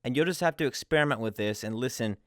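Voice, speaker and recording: A man's voice: medium pitch, fast, dry recording, studio quality. A man giving a casual, friendly lesson as a language teacher, explaining step by step with examples.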